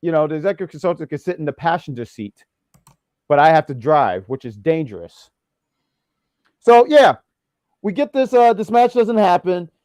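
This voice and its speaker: Male host, slightly high voice, playful teasing review chat. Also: sing-song, moderate pace, long pauses, darkish tone, no room sound. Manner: playful teasing, lots of fillers. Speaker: podcast host. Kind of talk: casual wrestling review chat.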